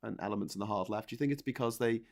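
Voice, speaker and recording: A man's voice: fairly low pitch, racing, gravelly, darkish tone. A man co-hosting a casual political chat show, talking in a wry, sarcastic way.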